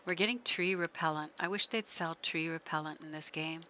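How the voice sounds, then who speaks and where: A woman's voice: sits low, a little fast, pushed and bright, a little hiss or hum. A woman streamer giving chatty live gameplay commentary, laughing often and coaxing her horse along.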